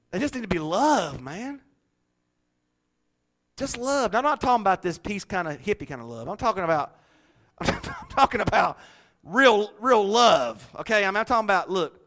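A middle-aged man preaching a sermon, telling folksy stories in an animated way and laughing often. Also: high voice, moderate pace.

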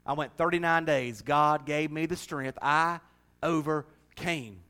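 A man's voice: on the high side, slow pace, pushed and bright, clean tone. A man preaching and making church announcements in a folksy, joking, chatty way. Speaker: pastor.

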